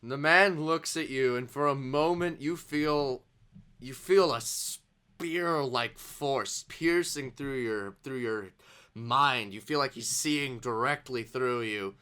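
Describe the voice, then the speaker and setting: A man narrating as game master in a tabletop role-playing game, unhurried and amused. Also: mid-range voice, sharp tone, smooth.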